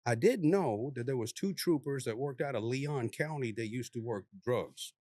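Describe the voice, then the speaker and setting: A police officer telling a story in casual conversation, laid-back and drawling, lively as he acts out the people in it. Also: medium pitch, moderate pace, no room sound, clean studio sound. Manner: animated, acts out the people he quotes in a raised voice.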